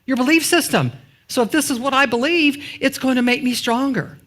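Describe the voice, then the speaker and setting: Her voice high-pitched, fairly quick, and a bit bright, a woman minister delivers a conversational sermon in a church sanctuary. She keeps putting rhetorical questions to the congregation and waiting for answers, with informal asides mixed in.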